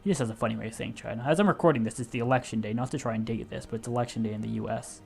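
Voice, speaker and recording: Gravelly young man narrating a strategy game. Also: medium pitch, very fast, darkish tone, soft background music. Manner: thinking aloud, explaining as he clicks, self-correcting. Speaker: gaming video host. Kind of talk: casual strategy game commentary.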